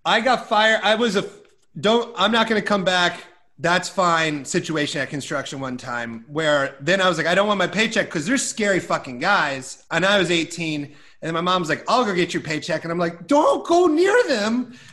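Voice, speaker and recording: A male stand-up comedian in casual chat who speaks haltingly, restarting often and swearing casually. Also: on the high side, bright, forceful tone.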